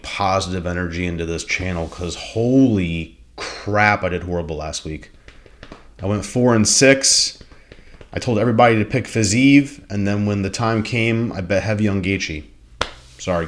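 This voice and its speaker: A young man hosting a casual fight-betting vlog, rambling and profane, breaking into excited bursts and sound effects. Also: low-pitched, a little hiss or hum. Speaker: betting podcast host.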